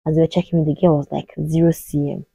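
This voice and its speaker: A Nigerian woman in her thirties speaks with a Nigerian accent in a slightly low, mellow voice. She tells a personal story to the camera and acts out the voices of the people in it. The sound is close and dry, with no room echo. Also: level tone, quick pace, breathy edge. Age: 30s. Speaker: vlogger.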